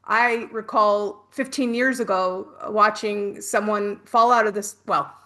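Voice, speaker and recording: A woman's voice: medium pitch, fairly even intonation, measured pace, pushed and bright. A middle-aged woman hosting a spiritual workshop, telling chatty personal stories with casual swearing.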